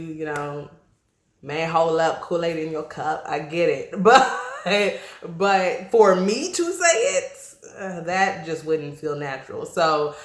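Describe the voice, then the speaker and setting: A woman with an East Coast accent, chatting casually to camera with lively, slangy asides and frequent laughter. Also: lowish voice. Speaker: vlogger. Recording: roomy echo.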